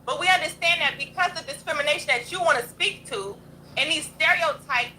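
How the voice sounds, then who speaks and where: A young woman with a high, sharp, bright voice goes off on a livestream rant. She talks bluntly and combatively, swearing freely as she hosts her stream. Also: brisk, a little hiss or hum, rough recording. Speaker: livestream host.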